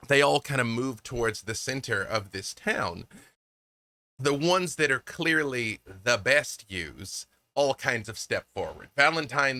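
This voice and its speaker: Casting: male game master, lively pitch, bright forceful voice, dry close sound. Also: dry recording. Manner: descriptive, animated narration with fillers. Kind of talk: narrating a tabletop game.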